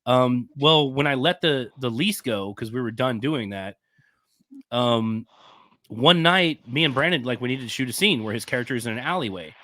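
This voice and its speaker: Animated, bright-voiced male storyteller. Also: medium pitch, moderate pace, no echo. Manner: animated, profane anecdote-telling. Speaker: film producer. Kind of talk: podcast storytelling.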